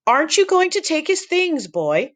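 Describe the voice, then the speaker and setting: A man's voice: extremely high pitch, very animated, normal speed, a bit bright, voice pushed up, exaggerated voice. A man voicing a stern, bossy gray-haired grandmother in a story reading.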